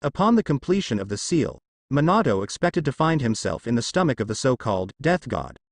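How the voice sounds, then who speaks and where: A man narrating a fan fiction story in a steady storytelling manner. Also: medium pitch, fairly quick, no room sound, clean studio sound.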